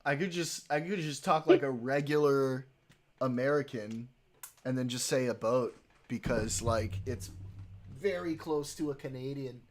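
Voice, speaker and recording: A man's voice: mid-range voice, a little slow. A male live streamer in casual chat, joking around and trying out accents.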